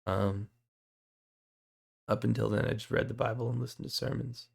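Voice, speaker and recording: Gravelly young man telling his testimony. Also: mid-range voice, moderate pace. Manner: earnest, excitable storytelling with fillers. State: voice going hoarse. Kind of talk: personal faith testimony.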